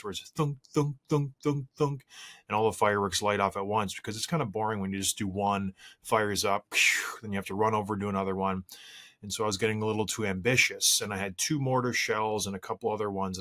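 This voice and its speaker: A man's voice: lowish voice, bright, forceful tone. A man hosting his own podcast solo, chatting casually and telling self-deprecating stories with frequent restarts. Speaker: podcast host.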